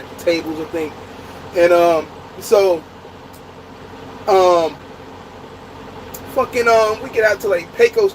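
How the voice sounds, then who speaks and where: Profane storytelling man, noisy background. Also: a little high. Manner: profane, laughing, animated storytelling. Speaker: truck driver. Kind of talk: casual storytelling. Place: inside a truck.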